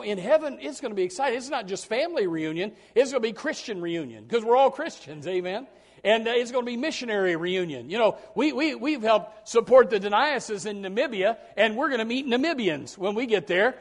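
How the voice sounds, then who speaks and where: A man preaches a sermon to his congregation. He rambles in a homespun, folksy way, then his voice climbs and bursts into loud, emphatic shouts. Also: high voice. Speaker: pastor.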